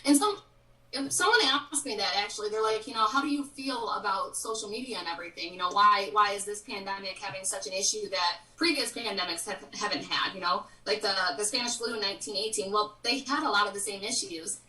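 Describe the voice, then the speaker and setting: A woman's voice: mid-range voice, brisk, bright, forceful tone. Frank woman, distant in a roomy space. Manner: frank, opinionated. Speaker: interview guest. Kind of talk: casual live-stream interview.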